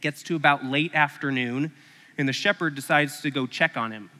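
A man's voice: a little high, moderate pace. A man preaching a sermon, animatedly acting out a story before teaching. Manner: animated, acts out stories. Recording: echoey hall.

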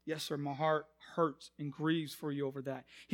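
Young male pastor, high voice, storytelling sermon that swells into emphatic preaching. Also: steady tone, quick pace, hardly any pauses. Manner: conversational, acts out quotes, rises to emphatic preaching.

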